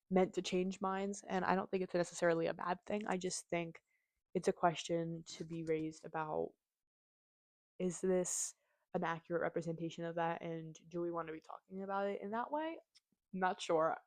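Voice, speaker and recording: A woman hosts a casual book review, talking in a gushing, chatty way full of "like" and "um". Her voice sits on the low side for a woman. The sound is dry and close, with no room around it. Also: steady tone, moderate pace, darkish tone, no echo. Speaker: book reviewer, channel host.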